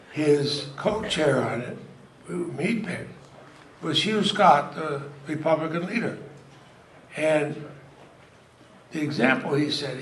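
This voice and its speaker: Older man, slightly high voice, folksy speech, echoey hall, audience noise. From Vermont, US. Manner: folksy storytelling, chuckles through lines. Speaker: politician giving a speech. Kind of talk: anecdotal speech at a party event. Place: event hall.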